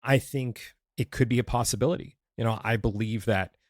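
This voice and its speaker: A man's voice: medium pitch, fairly even intonation, fairly quick, a little mellow, no room sound, clean studio sound. A man hosting a podcast, talking candidly and thinking aloud, with restarts and playful asides. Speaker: podcast host, past life regressionist. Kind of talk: casual conversation.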